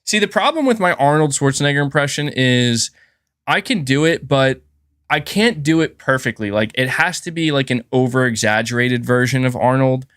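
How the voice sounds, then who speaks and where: A man's voice: mid-range voice, expressive, normal speed, fairly bright tone, no room sound. Gaming stream guy rambling on, bit of a sore throat, mid voice, dry close sound. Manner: rambling, chatty, thanks viewers for gifts. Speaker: gaming channel host. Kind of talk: casual livestream chat.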